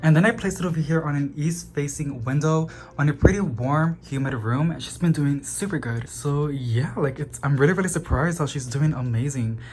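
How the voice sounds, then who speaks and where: Fast, chatty man giving a plant tour. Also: fairly high pitch, a little mellow, a little hiss or hum. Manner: chatty, talks fast, calls plants "girly". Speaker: plant channel host. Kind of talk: casual home tour vlog. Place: apartment full of houseplants.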